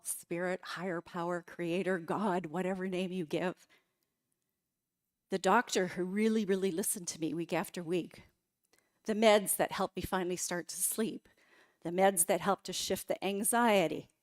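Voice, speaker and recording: A woman's voice: lowish voice, fairly even intonation, a little slow. A middle-aged woman giving a personal testimony talk in a church, telling her story dramatically and with feeling. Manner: emotional, dramatic storytelling with quoted outbursts. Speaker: guest speaker. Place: church sanctuary.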